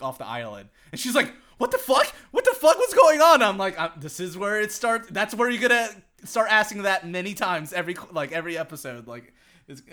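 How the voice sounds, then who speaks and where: A man's voice: fairly high pitch, pushed and bright. A young man co-hosting a podcast, chatting casually in a rambling way, swearing a lot, laughing often and saying "like" constantly. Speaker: podcast co-host. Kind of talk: casual chat.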